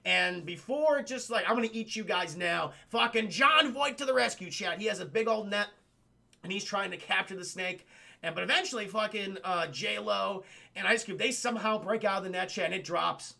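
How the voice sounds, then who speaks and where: A man streaming a profane film recap to his chat, animated and acting out characters in goofy voices. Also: high voice, moderate pace, vocal fry.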